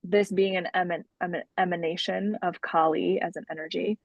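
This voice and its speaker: A woman co-hosting a casual spiritual podcast, chatting gently and laughing often as she reads from an oracle deck. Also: fairly low pitch, steady tone, fairly quick, vocal fry, few pauses, no echo. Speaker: podcast co-host. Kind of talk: casual spiritual chat, reading oracle cards aloud.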